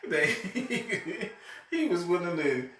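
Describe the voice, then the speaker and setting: Male host, casual storyteller, laughs through his stories; high, slow delivery; roomy, distant mic with faint hiss. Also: very animated, fairly bright tone. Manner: laughs a lot while telling stories. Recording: echoey room, mic far off, faint noise.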